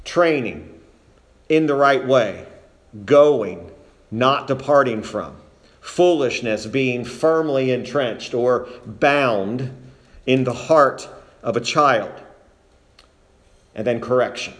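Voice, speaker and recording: Middle-aged guy preaching, super slow and careful, hits each key word hard. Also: medium pitch. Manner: slow, deliberate, stresses key words. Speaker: pastor. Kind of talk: sermon.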